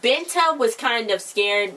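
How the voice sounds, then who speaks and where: A woman's voice: on the high side, expressive, a little slow, sharp tone, distant mic. A woman co-hosting a casual recap of a reality TV episode, retelling scenes by quoting the cast. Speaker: co-host of a reality show recap channel.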